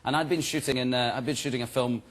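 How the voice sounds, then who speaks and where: Give me a relaxed man in his thirties chatting as a talk-show guest. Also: medium pitch, fast. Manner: relaxed, chatty, laughs while telling stories. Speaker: guest actor. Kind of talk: casual chat-show interview.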